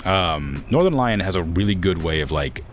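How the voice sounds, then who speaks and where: A man's voice: low voice, lively intonation, normal speed. A young man streaming a farming game and chatting casually, with a blunt, direct way of talking that stresses words hard and can sound accusatory. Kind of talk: casual gameplay commentary.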